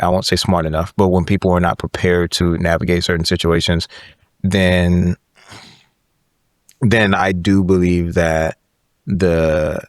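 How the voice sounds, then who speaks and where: A low-pitched man in his thirties talks as a podcast guest, telling a personal story in a loose, animated way and tagging his points with "right?". His voice is deep, and the recording is dry and close, with no room sound. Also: no room sound. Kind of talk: casual conversation, storytelling.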